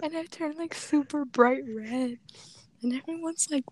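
A teenage girl chatting casually and telling a story, animated and giggly, laughing often. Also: high-pitched, normal speed, no echo. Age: teens. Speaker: podcast co-host.

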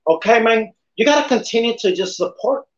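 A man's voice: very high-pitched, animated, fairly quick, roomy sound, voice pushed up. A man putting on a tough, swaggering gangster impression, with a slight lisp, ending almost every phrase with "man". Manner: says "man" after nearly every phrase. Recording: dull lo-fi podcast audio.

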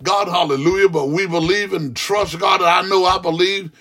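A man's voice: high voice, fairly even intonation, normal speed, sharp tone. A man praying aloud as a pastor, fervent and rhythmic, with frequent "hallelujah" interjections. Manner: repetitive, rhythmic preaching cadence. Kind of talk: extemporaneous prayer.

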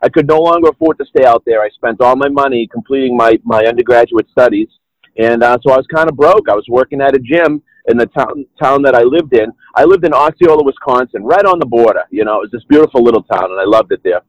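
Talking quickly in a mid-range voice, this middle-aged podcast guest from the Boston area in New England has a Boston accent. His casual, rambling account of his story is full of restarts and "you know"s. There's no echo, but the highs are cut off.

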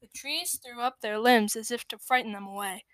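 A woman reading a children's storybook aloud, measured and expressive, sometimes dropping to a hush. Her voice is a little high. The sound is close and dry. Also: no room sound. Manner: expressive, measured, dips into hushed tones. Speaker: storybook reader. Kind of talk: scripted narration of a children's story.

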